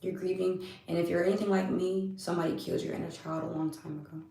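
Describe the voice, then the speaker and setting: A woman with a lowish voice reads scripture aloud and gives heartfelt spiritual talk on a live stream. She speaks slowly and often repeats a phrase as she builds on it. The sound is roomy and echoey, and she sits some distance from the mic. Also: level tone, vocal fry, dark tone, a little hiss or hum.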